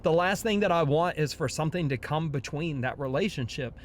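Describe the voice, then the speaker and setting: A young father and Christian vlogger speaks earnestly about his faith in a personal devotional vlog, often restarting his sentences. His voice is a little high, expressive and fairly quick, with a slight hiss or hum in the audio. He comes across as heartfelt and sincere.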